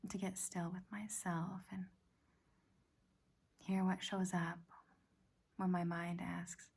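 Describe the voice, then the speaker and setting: A middle-aged woman talks slowly through a personal reflection, her voice slipping into a hushed half-whisper. Her tone sits fairly low, with a gravelly fry and a husky, breathy edge. She pauses and restarts as she gathers her thoughts. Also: level tone. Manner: often half-whispered, gentle and halting. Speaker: self-help practice host. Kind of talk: soft-spoken personal reflection.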